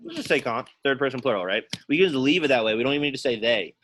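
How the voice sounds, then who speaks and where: A man's voice: medium pitch, lively intonation, rapid-fire, fairly bright tone, slight background noise. Casual man teaching a classroom lesson. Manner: casual, quizzing students by name and thinking aloud. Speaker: Latin teacher.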